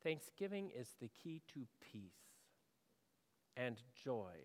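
A male pastor preaching a sermon in a conversational way, asking the congregation questions and moving between loud and hushed delivery. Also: medium pitch, sing-song, slow pace, big-room sound.

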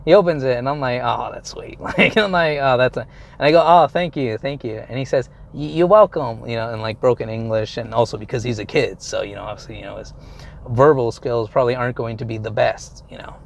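Gravelly young man rambling through a story. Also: mid-range voice, fairly quick. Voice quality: rambling, filler-heavy, swears casually. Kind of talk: casual storytime monologue.

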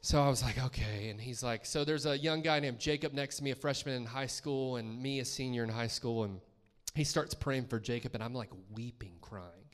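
A man's voice: medium pitch, a little fast. Male guest preacher, mid-range voice, conversational testimony delivery, church hall reverb. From Columbus, Georgia, US. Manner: conversational storytelling, acting out his own reactions. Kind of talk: testimony sermon. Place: church sanctuary.

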